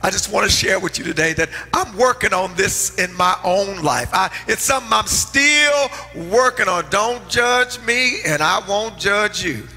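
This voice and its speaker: A middle-aged man, a pastor preaching a sermon and telling stories, swinging from loud outbursts to hushed asides. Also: sits high, expressive, a little slow, few pauses. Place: church sanctuary. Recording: long hall reverb, faint music.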